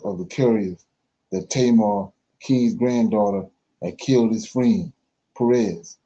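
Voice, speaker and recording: A man reading scripture aloud for a Bible study, slow and careful, pausing and correcting himself as he goes. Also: lowish voice, warm tone, lo-fi sound, slight background noise.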